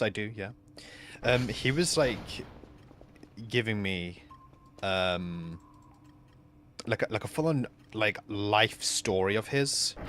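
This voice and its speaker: Streaming a game, this young man rambles casually through a story, using lots of fillers, restarting often, and now and then mumbling quiet asides. He has a fairly low pitch, and the audio carries slight hiss or hum.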